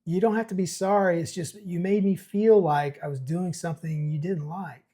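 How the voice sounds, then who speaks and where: A man's voice: high voice, fairly even intonation, normal speed, dark tone, pitched above the performer's own voice. A man voicing a confused, upset young man who repeats himself in agitation. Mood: agitated, confused.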